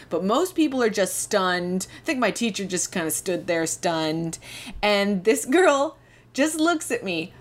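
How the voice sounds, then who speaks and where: A woman's voice: medium pitch, a bit bright. A young woman, hosting a podcast and telling a candid, self-deprecating personal story. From Canada. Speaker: podcast host.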